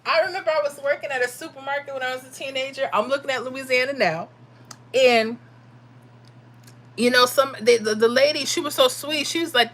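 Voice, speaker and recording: A woman's voice: sits high, fairly quick, a bit bright. A woman hosting a live stream, casually chatting with viewers and reading their comments, laughing often. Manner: chatty, laughs often, Southern-style speech. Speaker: livestream host reading chat.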